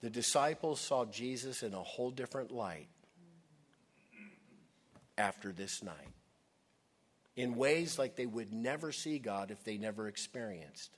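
A male pastor preaching a sermon, emphatic, with dramatic pauses, sometimes dropping to a hush. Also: medium pitch.

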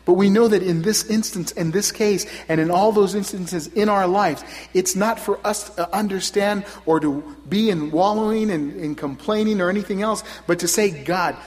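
A man preaching a sermon, earnest and building to loud, emphatic passages. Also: high-pitched, moderate pace, few pauses. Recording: long hall reverb.

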